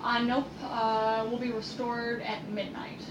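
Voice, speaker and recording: A woman's voice: fairly high pitch, little pitch movement, a little slow, highs cut off, a crowd in the background. Chatty woman in an echoey room. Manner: chatty, reads news aloud with many fillers. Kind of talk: casual chat. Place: at home, indoors.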